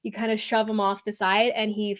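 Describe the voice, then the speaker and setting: A woman's voice: mid-range voice, flat delivery, a little fast. Rambling woman game master. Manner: rambling, many fillers and self-corrections. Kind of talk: narrating a tabletop game.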